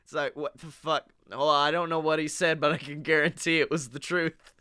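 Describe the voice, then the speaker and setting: A man co-hosting a comedy podcast, riffing excitedly and swearing often. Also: a little high, a little fast, smooth. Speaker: podcast co-host.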